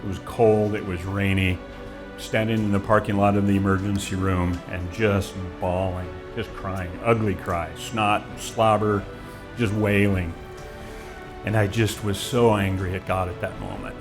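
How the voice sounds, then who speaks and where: A man's voice: lowish voice, little pitch movement, unhurried, over music. A man in his forties giving an earnest, reflective personal testimony, with frequent restarts. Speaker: guest telling his story.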